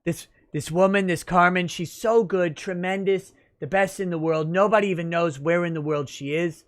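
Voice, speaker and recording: Dude doing a bragging politician bit, repeats stuff, pretty loose. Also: male voice, high-pitched, steady tone, moderate pace, natural voice. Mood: boastful. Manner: repetitive bragging. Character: boastful male politician impression.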